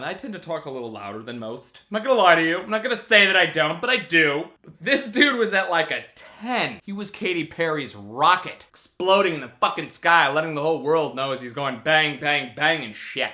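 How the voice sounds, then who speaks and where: A man hosting a comedic vlog monologue, animated and theatrical, with plenty of profanity. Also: sits high, fairly quick. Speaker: vlog host.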